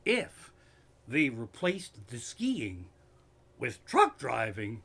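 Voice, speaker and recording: A man's voice: mid-range voice, wildly swooping pitch, drawn-out words, gravelly, fairly bright tone, slightly rough. A man doing profane, worked-up stand-up comedy, streamed live from his living room, with a Pennsylvania accent.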